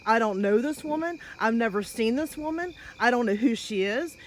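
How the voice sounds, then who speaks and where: A woman's voice: fairly high pitch, expressive, slight background noise, poor audio. A woman with a Kentucky accent, the mother who called police, anxiously recounting threats to an officer. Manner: shaken, rushed, emphatic. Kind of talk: recounting an incident. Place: outdoors at night.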